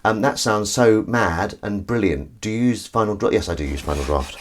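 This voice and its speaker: A man's voice: fairly low pitch, normal speed. A man hosting a casual live stream from his kitchen, rambling through stories and calling his cat in a coaxing voice. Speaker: livestream host. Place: home kitchen.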